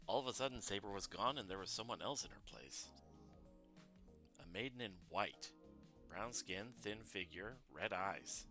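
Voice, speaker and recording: Deep-voiced man reading game narration. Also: pushed and bright. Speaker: streamer. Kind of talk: reading game narration aloud on a live stream.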